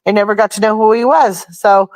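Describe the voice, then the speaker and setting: A woman's voice: mid-range voice, fairly quick, no room sound. A woman hosting a casual chat, telling a long rambling story and swearing freely. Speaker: host.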